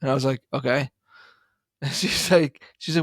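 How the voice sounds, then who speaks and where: A man co-hosting a podcast in casual chat, telling stories with lively acted-out voices and frequent laughs. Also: mid-range voice, fairly quick, creaky, dry recording, studio quality. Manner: animated storyteller, acts out voices, laughs often. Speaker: podcast co-host.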